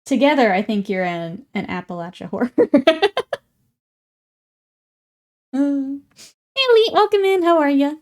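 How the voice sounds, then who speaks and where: A woman's voice: high voice, animated, measured pace, long pauses. A young woman chatting casually with her live-stream viewers while painting miniatures, laughing often and greeting newcomers.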